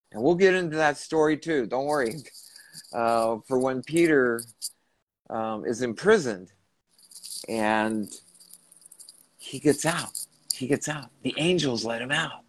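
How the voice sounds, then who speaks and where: A man's voice: medium pitch, dry recording. A man hosting a spiritual podcast, earnestly recounting a channeling session and restating his questions. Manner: earnest, retelling and rephrasing questions. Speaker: podcast host.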